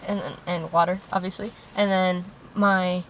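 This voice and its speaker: A woman's voice: lowish voice, flat delivery, measured pace, a bit bright. A young woman co-hosts a laid-back podcast from inside a car. She rambles in a loose, chatty way, trails off into fillers and swears now and then. There is a faint hiss under her voice. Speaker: podcast co-host. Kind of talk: casual chat.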